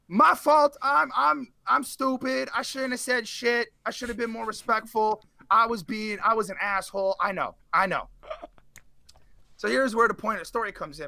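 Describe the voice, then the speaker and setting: A man, a guest in a casual interview, telling a story in an animated, slangy way with swearing. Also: high voice, creaky, no echo.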